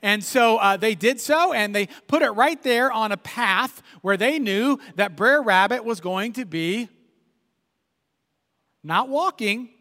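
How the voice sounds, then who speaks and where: A male pastor preaching a sermon, telling a story in an animated way and often checking in with "right?". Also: high-pitched, slow pace, in a large hall.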